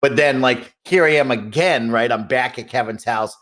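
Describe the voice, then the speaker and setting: A man on a podcast telling a story in an animated, casual way and acting out the people in it. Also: medium pitch, normal speed. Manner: animated storytelling with acted quotes. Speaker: podcast co-host. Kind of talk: casual chat.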